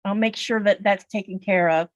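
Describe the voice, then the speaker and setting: Chatty livestream co-host, woman, mid pitch, dry and close, talks in long loose stories. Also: steady tone, moderate pace, no echo, highs cut off. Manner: chatty, rambling storyteller with many fillers. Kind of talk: casual livestream chat.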